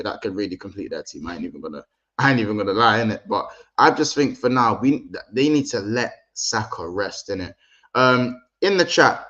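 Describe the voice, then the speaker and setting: Dull audio carries a man's fairly low, slightly bright voice as he hosts a casual football livestream. He's chatty and full of slang, speaking directly to his viewers and the chat.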